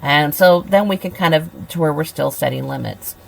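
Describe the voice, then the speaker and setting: A middle-aged woman giving a recorded college lecture in a conversational way, with fillers and restarts, sometimes acting out gentle words to a child. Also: low voice, normal speed, creaky, rough recording. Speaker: college instructor.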